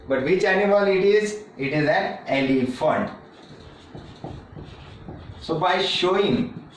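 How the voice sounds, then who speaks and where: A man teaching a classroom lecture on reading methods, talking slowly and repeating himself, with many fillers and restarts. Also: on the high side, distant mic, slight background noise. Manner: slow and repetitive, with frequent fillers and restarts. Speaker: teacher educator. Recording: echoey room, speaker away from the mic.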